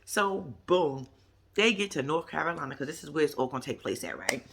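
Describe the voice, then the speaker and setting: A man recapping a TV show to his viewers in lively casual chat, acting out what people said and laughing often. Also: on the high side, fairly quick, vocal fry, breathy edge. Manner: animated storytelling, acts out quotes in exaggerated voices, laughs often; playful slang, addresses viewers as y'all and baby.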